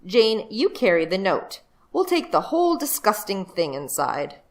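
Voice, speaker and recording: A woman's voice: medium pitch, very animated, unhurried. A woman voicing a bossy, scornful eldest brother who talks in a curt, dismissive way.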